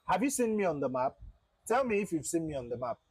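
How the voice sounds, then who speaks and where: A man livestreams a flight simulator and chats with his viewers in a loose, repetitive way. His voice sits a little high and has a husky grain. The sound is close and dry, like a desk mic in a small room. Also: very animated, quick pace, a little mellow, no echo, rough recording. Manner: chatty, repeats himself, talks to chat. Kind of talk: casual livestream commentary.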